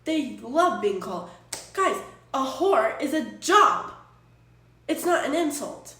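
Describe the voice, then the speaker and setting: A woman's voice: high voice, big pitch swings, slow, pushed and bright. Exasperated streamer woman, echoey and distant. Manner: exasperated, rambling, swears freely. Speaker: Twitch streamer. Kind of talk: casual chat stream. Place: apartment room. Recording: echoey room, distant from mic.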